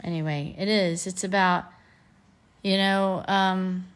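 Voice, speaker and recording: Thoughtful low-voiced woman in casual chat. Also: fairly even intonation, slow. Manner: thoughtful, with frequent fillers. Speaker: podcast co-host and teacher.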